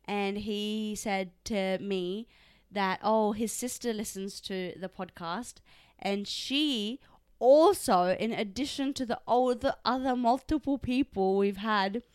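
Young woman podcast co-host, casual chat, quick to laugh and talk over her partner. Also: medium pitch, darkish tone, smooth. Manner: laughs often, talks over her partner in playful argument.

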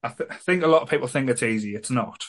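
A man's voice: mid-range voice, expressive, quick pace. Man, co-host, casual group chat, rambling, repeats words. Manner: rambling, repeats himself, swears.

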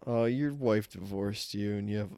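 A man's voice: fairly low pitch, moderate pace, mellow. A young man co-hosting a podcast, rambling and joking in casual chat. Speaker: podcast co-host.

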